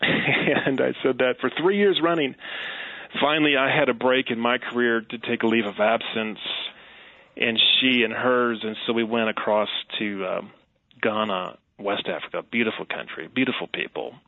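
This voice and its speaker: Middle-aged man from Wisconsin, gravelly, earnest guest recounting his faith story, phone-like sound. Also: mid-range voice, fairly even intonation, normal speed, no echo. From Wisconsin, USA. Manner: earnest, reflective storytelling with soft laughs. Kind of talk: personal testimony in an interview. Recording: tinny phone-like line.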